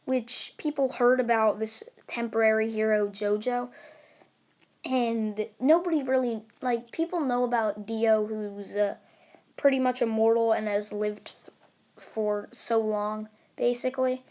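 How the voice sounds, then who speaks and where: A woman narrates an improvised fan story in a slow, wandering way. She backtracks and fills gaps as she goes, her voice sitting a little high. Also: fairly even intonation, darkish tone. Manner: rambling, with many fillers and restarts.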